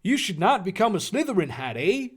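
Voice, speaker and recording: A drowsy, self-righteous hippie girl speaks with an overdone Canadian accent, as a man puts her on. Her voice rides high and lively. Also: fairly quick, husky, heavily acted. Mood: smug. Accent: exaggerated Canadian.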